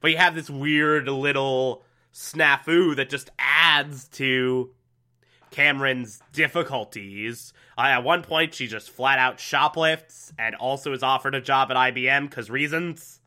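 A young man casually recapping a TV episode, animated and laughing often, acting out the characters' lines. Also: medium pitch, measured pace. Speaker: TV episode reviewer. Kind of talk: casual recap with acted-out quotes.

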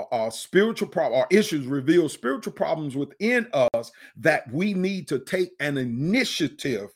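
A middle-aged man preaching in a podcast, earnest, often repeating and restarting phrases and slowing down to stress a point. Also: a little high. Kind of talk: conversational podcast sermon.

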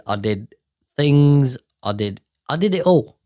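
This podcast host is a man in his 30s, chatting casually on his own into a podcast mic in a sweary, rambling, fed-up way. His mid-range voice is mellow and animated, and he takes things slowly.

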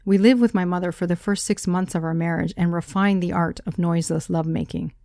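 A woman's voice: on the low side, steady tone, fairly quick, warm tone, no room sound, studio quality. A woman narrating her own memoir in the first person, candid and self-deprecating.

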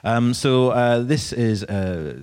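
A man introducing a live podcast evening on stage, halting with many fillers. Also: mid-range voice, a little mellow. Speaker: host. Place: stage before a live audience.

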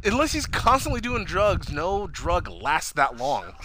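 Telling it at a measured pace in a high voice, a man animatedly recounts a TV episode, voicing characters' lines, cursing and laughing along the way. The recording is noisy.

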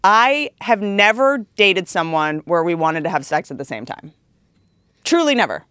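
A woman's voice: on the low side, very animated, normal speed, a bit bright, smooth, no room sound, clean studio sound. A woman hosting a podcast, asking blunt questions and teasing her guest in casual chat. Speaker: podcast host.

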